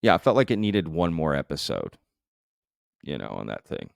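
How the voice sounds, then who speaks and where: A man's voice: rumbling low, very animated, normal speed, creaky, smooth, dry recording, clean studio sound. A man hosting a live stream, chatting casually and loosely with lots of fillers. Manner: loose and conversational, full of fillers. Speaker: show host. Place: home live-stream setup.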